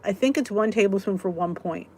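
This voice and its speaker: A woman's voice: mid-range voice, fairly quick, a little mellow. Giggly chatty woman hosting a live chat. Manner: giggly, chatty, answers comments as they come. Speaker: weight-loss vlog host. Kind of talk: casual live chat answering viewers.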